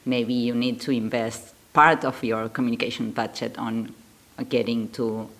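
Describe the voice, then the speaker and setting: Hesitant woman co-host with gravelly voice. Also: extremely low pitch, flat delivery, measured pace, fairly bright tone. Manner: hesitant, searching for words. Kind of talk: podcast conversation.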